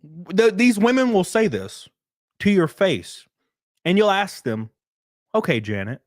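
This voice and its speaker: Livestream host, man, lively swooping pitch, blunt and profane, dry close sound. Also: takes it slowly, dry recording. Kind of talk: casual livestream chat and rant.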